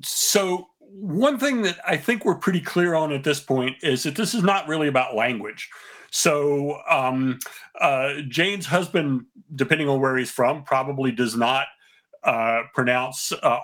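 Guy on a radio show, bright voice, talks it through with lots of uhs. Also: mid-range voice, lively intonation. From American South. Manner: measured, explanatory, with many "uh" pauses. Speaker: linguist guest. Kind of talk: radio interview.

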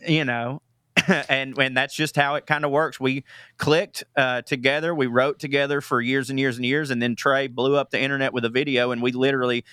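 A man with a Southern US accent, a comedian guest telling animated, laughing stories in a casual radio interview. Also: mid-range voice, fairly quick, clear, resonant tone, no echo. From Tennessee.

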